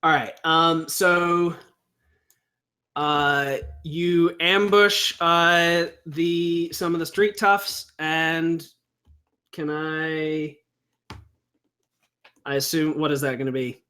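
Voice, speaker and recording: A man running a tabletop game as game master, who narrates haltingly and thinks aloud while he describes each scene. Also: a little high, flat delivery, pushed and bright.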